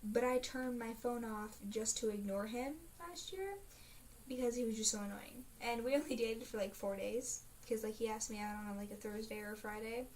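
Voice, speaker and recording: A woman's voice: fairly high pitch, moderate pace, a little mellow. A teenage girl chatting in a casual video diary, rambling and dramatic, full of fillers. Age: teens. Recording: faint hiss, mic a bit distant.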